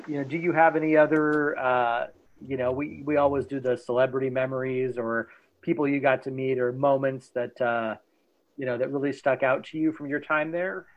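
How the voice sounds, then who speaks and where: A man hosting a casual podcast interview, asking questions in a halting way with many fillers. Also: medium pitch. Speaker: podcast host. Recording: dull lo-fi recording.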